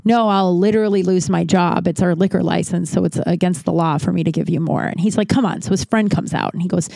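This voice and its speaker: A woman's voice: lowish voice, normal speed, vocal fry, hardly any pauses, warm tone, no echo. A woman in her thirties telling a bar story in a casual, rambling and profane way.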